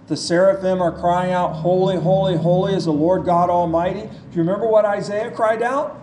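A man preaching a sermon, reading scripture aloud and explaining it with slow, emphatic delivery. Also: sits high, darkish tone, slight background noise. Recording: echoey church room.

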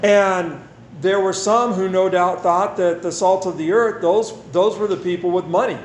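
A man with a fairly high voice preaches in a casual, down-home manner, circling back on his phrases to drive a point home. His words ring through an echoey room over a faint hiss. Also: steady tone, normal speed. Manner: conversational and folksy, repeats phrases for emphasis. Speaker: pastor. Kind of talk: sermon with scripture reading and prayer.

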